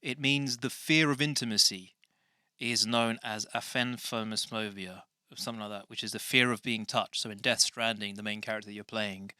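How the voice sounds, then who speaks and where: A man's voice: on the low side, fairly even intonation, moderate pace, sharp tone, clean tone, no room sound, clean studio sound. A man hosting a podcast, chatting in a scattered, self-mocking way full of tangents. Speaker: podcast host. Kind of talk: rambling casual chat.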